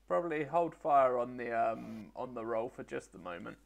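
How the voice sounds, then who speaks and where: A man's voice: mid-range voice, lively intonation, moderate pace, vocal fry. A man running a tabletop game as game master, talking hesitantly with many fillers.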